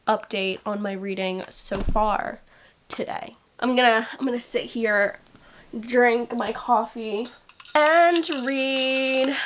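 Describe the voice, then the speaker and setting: A young adult woman chatting casually in a book vlog, gushing and excitable and saying "like" a lot. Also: on the high side, slight background noise. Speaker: book vlogger. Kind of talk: casual reading vlog chat.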